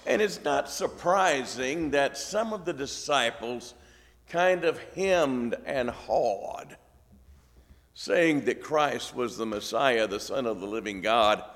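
A male preacher delivering a sermon at an unhurried pace, dropping in wry, folksy jokes. His voice sits at an ordinary middle pitch. It rings out with a long reverb, as in a large church. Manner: folksy, joking asides.

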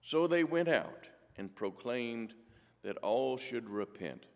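Brief: man at a church lectern, unhurried scripture reading with dry wit, voice in the middle range, long hall echo. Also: mid-range voice, lively intonation, vocal fry. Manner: slow, measured, dry humor. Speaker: lay church speaker.

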